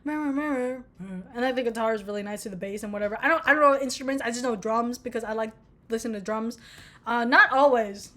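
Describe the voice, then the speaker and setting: Brisk, bright and forceful, her voice sits on the high side. She's a young American vlogger in her twenties whose casual music chat wanders, includes swearing and leans on self-deprecating jokes.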